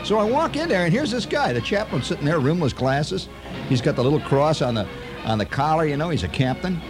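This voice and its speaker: A man telling a long personal story in a rambling, halting way, full of asides and restarts. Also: a little high, very animated, over music. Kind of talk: spoken storytelling monologue.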